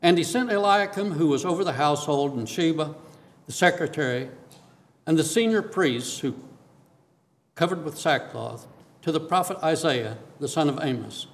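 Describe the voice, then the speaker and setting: A man's voice: fairly high pitch, expressive, normal speed. A man preaching a sermon, reading scripture aloud and asking questions of his listeners.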